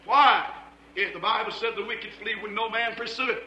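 A man preaching a fiery sermon, shouting in a rhythmic, repetitive cadence. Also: high voice, fairly even intonation, normal speed, echoey room, poor audio.

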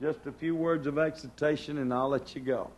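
A man's voice: on the high side, fairly even intonation, fairly quick. A man preaching a sermon in a fervent cadence, building phrases by repetition.

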